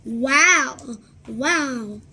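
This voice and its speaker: A woman voicing a gruff, cocky schoolboy who talks loud and brushes things off. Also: high-pitched, lively intonation, extremely slow, heavily acted. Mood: brash. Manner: brash, loud, dismissive.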